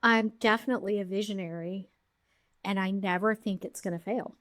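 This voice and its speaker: A woman's voice: mid-range voice, brisk, dry recording. Middle-aged woman on a podcast, acts out every quote, dry close mic. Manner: animated storyteller, acting out quotes. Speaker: podcast guest, jewelry founder. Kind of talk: storytelling interview.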